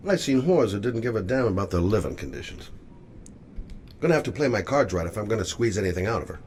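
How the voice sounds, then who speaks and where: A man's voice: on the low side, very animated, fast, a little mellow, slight background noise. A man voicing a weary, persistent male private detective in a video game, talking in terse, clipped lines. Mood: wry. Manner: terse, clipped inner thoughts. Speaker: game character.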